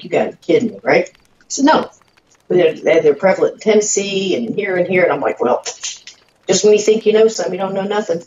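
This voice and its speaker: A woman telling a personal story in a casual, halting way, with fillers and pauses. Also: low voice, a little mellow, slight background noise. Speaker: guest storyteller. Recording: distant, dull audio in a roomy space.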